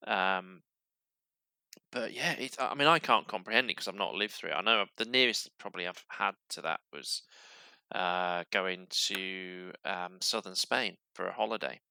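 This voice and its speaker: A podcast host from Yorkshire with a softened Yorkshire accent, chatting casually and interviewing a guest with frequent restarts and fillers. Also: male voice, deep voice, moderate pace, vocal fry, clean tone, no echo. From Yorkshire, England.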